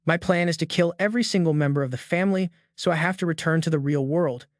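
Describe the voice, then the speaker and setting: A man voicing a calm, cold teenage boy assassin who talks casually and flatly. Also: a little high, fast talker, no room sound, clean studio sound, lightly acted. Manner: casual, flat, unbothered.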